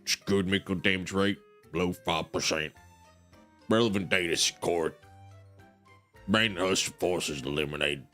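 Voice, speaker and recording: A man's voice: sits low, steady tone, unhurried, long pauses, pushed and bright, soft background music, voice pushed down. A man reading out a game report in a heavy put-on Southern US accent, in a drawling, joking way.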